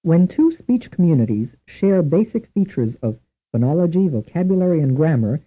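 A husky-voiced man reads a scripted language lesson, lively in pitch as he poses each question and gives the answer. The sound is thin and tinny, like an old taped lesson heard over a phone line. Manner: measured, deliberate, spells out each question and answer. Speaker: language instructor. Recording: tinny lo-fi old tape recording.

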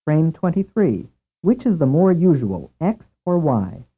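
A man narrating a scripted language lesson in a measured way, asking questions and then giving the answers. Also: fairly high pitch, very animated, breathy edge. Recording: tinny lo-fi tape over a narrow band.

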